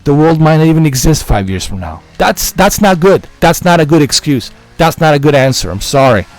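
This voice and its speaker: A man's voice: on the high side, sing-song, brisk, no echo. Profanity-laced ranting man, gaming vlogger. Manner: profane, repetitive, exasperated. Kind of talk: heated rant to camera.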